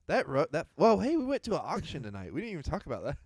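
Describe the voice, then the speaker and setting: Lively, goofy young man bantering. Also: fairly high pitch, very fast, husky, no echo, studio quality. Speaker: podcast host. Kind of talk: casual livestream podcast chat.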